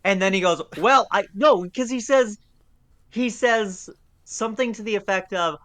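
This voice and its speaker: Young male co-host, exasperated and snarky, bright tone, dry close mic. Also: sits high, normal speed, no room sound. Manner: sarcastic, exasperated, swears. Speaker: podcast co-host. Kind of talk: casual chat reviewing an audio drama.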